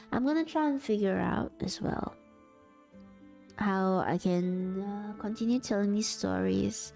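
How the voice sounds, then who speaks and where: A woman streamer at home, talking to her chat and narrating a story in a slow, steady voice. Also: mid-range voice, creaky. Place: at home, sitting on the floor.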